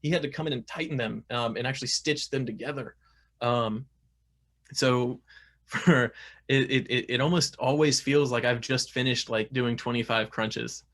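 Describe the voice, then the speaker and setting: A man's voice: medium pitch, moderate pace, a bit bright. A young man talking casually as an interview guest, chatty, with many fillers and restarts.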